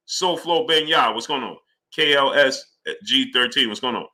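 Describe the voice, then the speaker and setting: A man's voice: a little high, normal speed. A man hosting a live boxing talk stream, arguing heatedly and greeting viewers by name. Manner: animated and heated, greets chat names.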